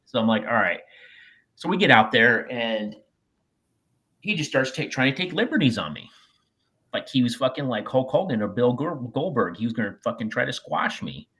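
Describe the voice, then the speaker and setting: A man's voice: medium pitch, normal speed. A man on a podcast telling a rambling, profane story from his wrestling days, acting out what people said. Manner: animated, profane anecdote-telling with acted-out quotes. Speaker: podcast co-host, former wrestler. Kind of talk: casual storytelling chat.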